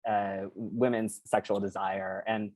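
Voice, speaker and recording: Speaking in a fairly low, darkish voice with little pitch movement, a male author reads from his novel at a bookstore. He then halts through an account of writing it, filling pauses often. No room sound is audible.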